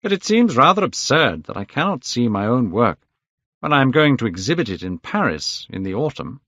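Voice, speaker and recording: A man reading aloud, voicing a gentle, devoted male painter who speaks in a raised, earnest, coaxing tone. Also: mid-range voice, sing-song, fairly quick, no room sound, pitched above the performer's own voice. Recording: dull, dry lo-fi recording.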